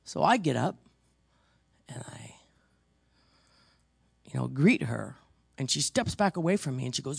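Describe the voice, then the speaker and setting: A pastor preaching a sermon in a conversational, animated storytelling manner, self-deprecating and lively. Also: medium pitch, unhurried, gravelly, pauses often, breathy edge, dry recording, studio quality.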